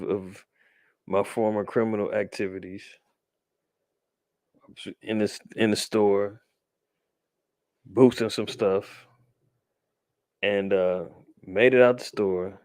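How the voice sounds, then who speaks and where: Male host, low voice, loose street-slang news commentary, dry sound. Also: steady tone, takes it slowly, long pauses, darkish tone, clean tone, no room sound. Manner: loose, conversational, restarts and slang. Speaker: podcast host.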